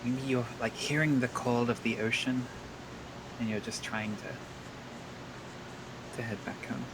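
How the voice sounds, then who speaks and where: A man playing a character in a tabletop game, calm and reassuring. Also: medium pitch, slow. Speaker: player. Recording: clear background noise.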